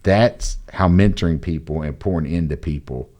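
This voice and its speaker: A man, a guest on a podcast, telling a personal story in a casual, animated way and acting out the dialogue. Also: extremely low pitch, moderate pace. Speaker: podcast guest, entrepreneur and mentor.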